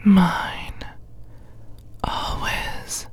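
Woman, whispered role-play ASMR; breathy hush throughout, unhurried commanding delivery. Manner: slow, commanding, coaxing whisper. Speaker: ASMR performer.

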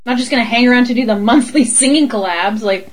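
A young Canadian woman hosting a casual chat, bubbly and quick to laugh, swearing freely. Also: a little high.

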